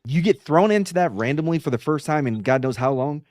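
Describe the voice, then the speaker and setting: A man's voice: a little high, animated, brisk, darkish tone, dry recording, studio quality. A man, a former police officer hosting a podcast, telling stories in a blunt, profane, swaggering way. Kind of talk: casual podcast chat, storytelling.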